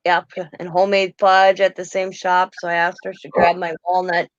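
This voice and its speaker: A woman's voice: on the low side, level tone, normal speed, no echo. Brief: middle-aged woman, chatty host, rambles and self-corrects; slightly dull, dry recording. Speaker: host of a crafting chat. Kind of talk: casual chat.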